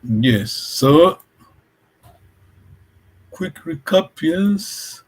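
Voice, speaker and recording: Patient male tutor on a video call, unhurried delivery, voice a touch high. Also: animated, slightly rough. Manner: patient, keeps checking that students follow. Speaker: language teacher. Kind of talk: online language lesson.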